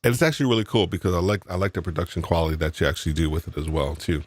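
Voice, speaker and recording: A man from New York chatting on a live podcast, rambling and animated, often restarting his sentences and laughing. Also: low-pitched, very fast. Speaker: podcast co-host. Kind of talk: casual live podcast chat.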